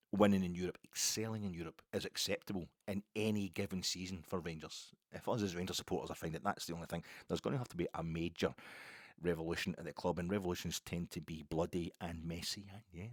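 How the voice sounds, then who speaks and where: A Scottish man with a fairly low voice rants about football, his talk lurching from quiet musing to sharp, high outbursts. He sounds close to the mic in a dry, dead room. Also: no echo. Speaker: football podcaster. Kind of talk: opinion monologue.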